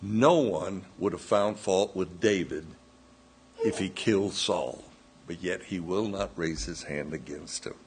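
A man preaching a sermon, slowly retelling a scripture story and voicing its quoted dialogue. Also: low-pitched, a little mellow, a little hiss or hum. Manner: slow, measured retelling with quoted dialogue and self-corrections.

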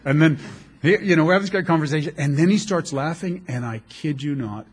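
Husky, animated male preacher. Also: on the high side, a little fast. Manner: animated preaching with jokes and laughs. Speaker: pastor. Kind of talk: sermon.

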